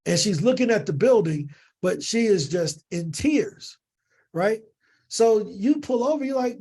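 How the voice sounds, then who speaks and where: A man from the United States, a podcast guest, telling a lively story in casual slang and acting out bits of dialogue. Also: high voice, unhurried, slightly rough. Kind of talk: animated storytelling in an interview.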